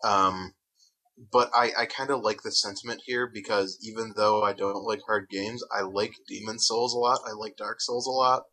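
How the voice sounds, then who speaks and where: A man's voice: on the low side, fairly even intonation, moderate pace, pushed and bright, low-quality recording. A man co-hosting a gaming podcast, rambling in an easygoing way with lots of fillers. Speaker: podcast co-host. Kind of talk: casual podcast chat about video games.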